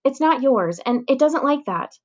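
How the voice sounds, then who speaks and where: A woman voicing a quiet, worried fifth-grade boy in a storybook reading, speaking softly. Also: high-pitched, animated, normal speed, pitched above the performer's own voice. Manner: soft, hushed.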